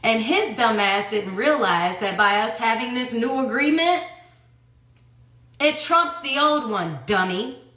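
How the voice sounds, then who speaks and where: A woman's voice: a little high, animated, measured pace, bright, forceful tone. Fiery woman venting in a roomy space. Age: 30s. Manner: fiery, profane, fires off rhetorical questions. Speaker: livestreamer telling her story. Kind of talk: heated personal monologue. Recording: roomy echo.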